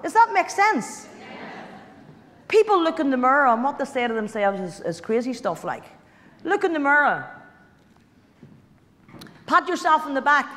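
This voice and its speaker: A woman's voice: sits high, a bit bright. Woman speaking in a reverberant hall. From Ireland. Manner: chatty, direct, repeats key lines for emphasis. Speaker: motivational guest speaker. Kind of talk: motivational speech to an audience. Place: large hall. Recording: hall reverb, stage speech.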